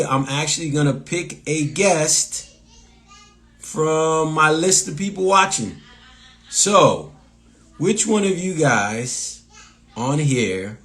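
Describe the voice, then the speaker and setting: A man's voice: mid-range voice, a bit bright. A man from Massachusetts with a local accent, a comedian hosting a casual live stream, rambling with lots of fillers and restarts as he reads viewer comments aloud.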